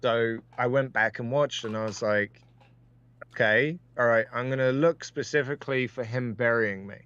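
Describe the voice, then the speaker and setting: A man co-hosting a podcast, talking haltingly and circling back over his points. His voice comes through dull and lo-fi. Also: medium pitch, fairly bright tone, clean tone. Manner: halting, repeats phrases, restarts. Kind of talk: casual chat.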